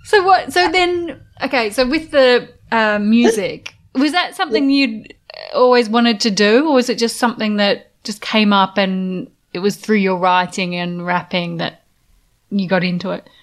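A woman's voice: mid-range voice, a little slow. A woman interviewer asking questions with hesitant restarts in a casual interview.

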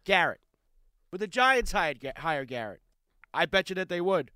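A man co-hosting a sports talk show, quick and blunt as he argues his picks. His voice sits high and sounds bright and forceful. The sound is dry, with no room echo. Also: big pitch swings. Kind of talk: sports radio banter.

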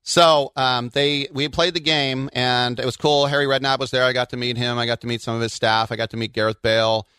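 A man from the Bay Area co-hosting a soccer podcast, chatting casually and telling animated stories with frequent laughs. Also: mid-range voice, a little fast, few pauses, smooth, no echo, clean studio sound. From Bay Area, California. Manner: animated storyteller, laughs often. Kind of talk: casual sports chat.

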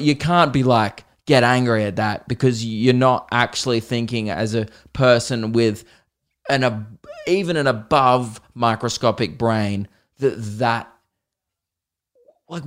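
A young Australian man hosting a comedy podcast, ranting in an animated, exasperated way with plenty of swearing. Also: a little high. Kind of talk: solo comedic rant.

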